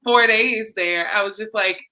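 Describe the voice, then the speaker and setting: A woman's voice: medium pitch, a little slow, bright, forceful tone. A woman guesting on a podcast in casual chat, chatty and often laughing mid-sentence.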